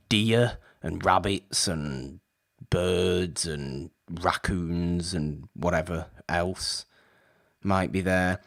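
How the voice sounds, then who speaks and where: A man co-hosting a podcast, chatting casually about an old film in an animated, exasperated, rambling way. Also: deep voice. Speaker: podcast co-host.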